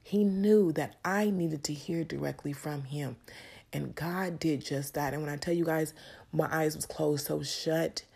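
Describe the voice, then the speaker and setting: Low gravelly-voiced woman sharing her faith. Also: a little slow, mellow. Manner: earnest, emotional, addresses viewers directly. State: tearful at times. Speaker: vlogger sharing a testimony. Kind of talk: personal faith testimony.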